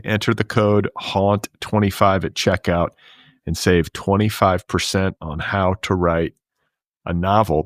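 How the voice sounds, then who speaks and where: A man hosting a pop culture podcast, chatting casually and reading ads in a dry, deadpan way. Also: deep voice, no room sound. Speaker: podcast host.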